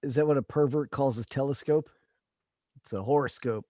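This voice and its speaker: A man co-hosting a comedy podcast from a video call, talking in a halting way with many restarts. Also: medium pitch, warm tone, dry recording, studio quality. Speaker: podcast co-host. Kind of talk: crude comedy banter.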